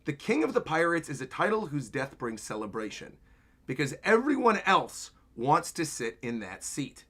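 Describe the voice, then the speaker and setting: A man reading aloud as a battered old pirate who lectures a younger fighter in a gruff, drawn-out way. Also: a little high, sing-song, fairly bright tone. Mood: stern.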